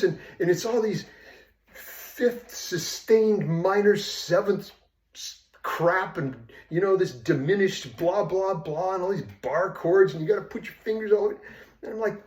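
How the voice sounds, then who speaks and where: A man's voice: sits high, lively intonation, moderate pace, darkish tone. An older man telling a rambling, casual story full of asides, in a roomy echoing recording. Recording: roomy echo.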